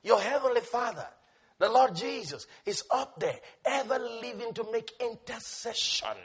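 A man preaching a sermon, impassioned and repetitive, swinging between shouting and hushed tones. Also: extremely high pitch, lively intonation, measured pace, breathy edge.

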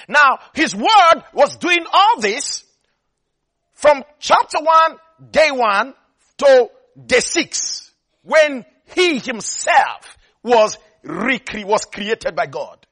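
A man's voice: very high voice, big pitch swings, drawn-out words, bright, forceful tone. A man preaching a sermon, repeating phrases for emphasis and often checking that listeners follow.

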